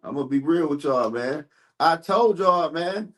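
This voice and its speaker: A man's voice: fairly high pitch, expressive, unhurried, a bit bright. A man hosting a live sports stream, ranting heatedly and profanely while answering his chat.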